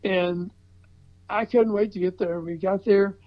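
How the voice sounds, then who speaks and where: A man's voice: sits high, a little slow. Older man telling a story. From Southern United States. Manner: animated, chuckling, frequent restarts. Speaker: record promotion veteran telling a story. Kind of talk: casual storytelling. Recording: slightly dull, muffled recording.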